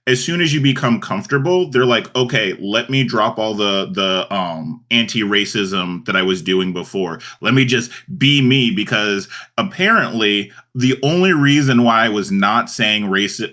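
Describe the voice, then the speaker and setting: A man's voice: fairly low pitch, unhurried, hardly any pauses, pushed and bright. A man in a casual group chat, thoughtfully summing up what others said. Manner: thoughtful, summarizing others' points.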